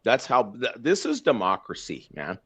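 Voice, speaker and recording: A man's voice: medium pitch, wildly swooping pitch, moderate pace, a bit bright, slightly rough. A Canadian man hosting a podcast, ranting bluntly in casual political chat with lots of fillers and restarts. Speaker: podcast host. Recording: slightly dull lo-fi sound.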